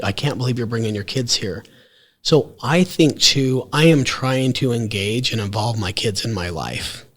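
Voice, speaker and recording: A middle-aged man as a podcast guest, telling stories in an energetic, animated way with bursts of excitement. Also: medium pitch. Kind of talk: energetic conversational storytelling.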